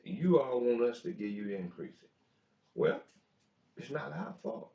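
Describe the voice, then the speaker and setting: A man's voice: low voice, gravelly, darkish tone. A man hosting a talk show who delivers a political commentary monologue, preaching and repeating his points for emphasis. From United States. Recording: dull echoey room recording.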